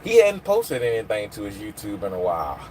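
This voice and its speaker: A man's voice: on the low side, wildly swooping pitch, a little fast, darkish tone, slight background noise. Chatty man on a phone livestream. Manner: rambling, chatty, answers chat comments. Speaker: livestream host. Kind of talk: casual live chat with viewers.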